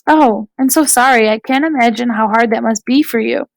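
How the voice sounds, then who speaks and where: A woman's voice: fairly high pitch, brisk, gravelly, no room sound. A woman voicing a bubbly young customer. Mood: cheerful. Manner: cheerful, upbeat and chatty. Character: friendly young Korean American woman customer.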